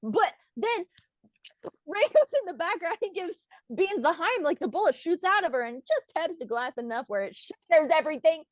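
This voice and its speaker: A high-pitched woman bursting with excitement as she retells a story, laughing between lines and slipping into gruff voices. Her voice is dry and close, with no room around it. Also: moderate pace, no echo. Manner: gushing, laughs often, does low gruff voices for quoted characters. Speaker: podcast co-host retelling a film. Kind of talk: excited casual chat.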